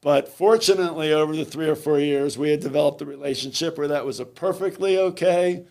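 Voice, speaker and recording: A man, a swim coach, telling stories in an interview, halting and repeating words as he goes. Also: a little high, creaky, a little mellow. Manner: halting, repeats words, acts out quoted lines. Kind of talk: conversational interview storytelling.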